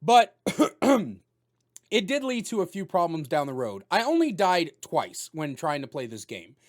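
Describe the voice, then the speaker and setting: A man giving a casual spoken video game review, talking loudly with jokes and animated delivery. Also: a little high, a little slow. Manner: loud, animated and joking.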